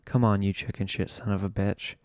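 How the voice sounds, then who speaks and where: A man voicing a drunk, jealous butch woman who shouts curses and insults as she picks a fight. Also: fairly low pitch, little pitch movement, brisk, clean tone, dry recording, natural voice. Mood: furious. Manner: shouting, cursing, spitting insults.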